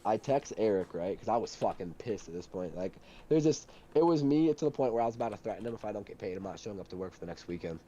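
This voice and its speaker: A young man telling a heated story in casual chat, animated and swearing a lot. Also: lowish voice, fast talker, few pauses.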